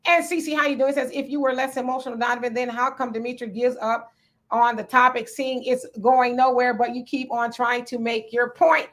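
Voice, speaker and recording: A woman hosting a live chat show, her voice pitched a little high and easygoing. she reads out viewer comments, greets each person by name and breaks into laughter now and then. she keeps things light and chatty. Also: level tone, normal speed, a bit bright. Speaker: livestream host reading chat comments.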